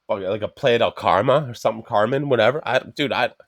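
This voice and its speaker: A fast-talking man with a fairly low-pitched voice co-hosts a podcast, recorded dry. In casual chat he tells rambling anecdotes full of swearing, acting out what other people said.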